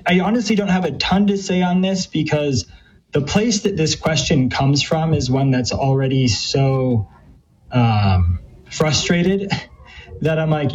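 Speaking earnestly about ministry in an interview, a man from a Catholic youth ministry thinks aloud with frequent fillers and restarts. His voice is on the high side and darkish in tone, and the dull lo-fi recording has a slight hiss or hum.

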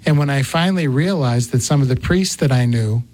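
A man hosting a talk show, telling a personal story in a lively, conversational way. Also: mid-range voice, a little fast. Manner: storytelling, animated. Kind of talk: casual chat.

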